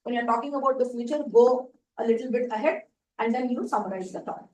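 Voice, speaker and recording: Woman, high voice, emphatic trainer, distant echoey mic. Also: fast talker, a little mellow. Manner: emphatic, explanatory, repeats key points. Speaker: speaker giving a contest training session. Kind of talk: advisory workshop talk. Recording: echoey room, distant mic, faint noise.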